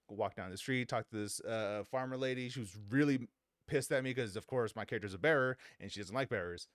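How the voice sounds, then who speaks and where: A man's voice: medium pitch, fast, no room sound, clean studio sound. A man hosting a podcast, casually and animatedly retelling a video game story, laughing often and swearing casually. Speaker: podcast host.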